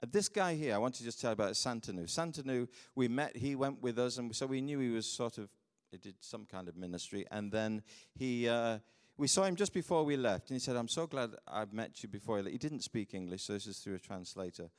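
A middle-aged man from the UK, a pastor preaching a sermon and telling mission stories with animated delivery, laughing at his own tales. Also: mid-range voice, a little fast, long reverb tail. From United Kingdom.

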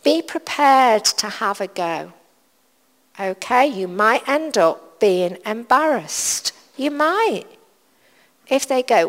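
A woman preaches to her congregation in a slightly high voice, taking her time over every phrase. She is earnest and repeats short lines to drive them home. Her words ring out with the long echo of a large church hall. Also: sing-song, slow pace. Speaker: church leader. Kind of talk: sermon.

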